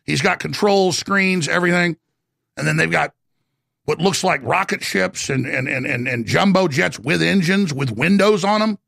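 Gravelly, high-voiced man ranting. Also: normal speed, no room sound, clean studio sound. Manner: excited, repeats words when revving up. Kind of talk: heated ranting monologue.

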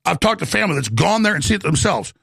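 A man delivering a heated, excited rant as a show host, often stumbling and repeating words as he builds up steam. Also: high-pitched, fast talker, gravelly, husky, no echo, clean studio sound. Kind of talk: heated ranting monologue.

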